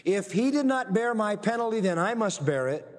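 A man preaching a sermon as pastor, emphatic, slowing right down to stress key phrases. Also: high voice, expressive, long reverb tail.

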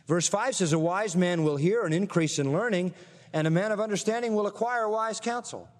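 Male preacher, pretty high voice, emphatic, keeps asking the crowd questions, long echo tail. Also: a little fast. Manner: emphatic, asks the audience rhetorical questions. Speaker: pastor. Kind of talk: sermon.

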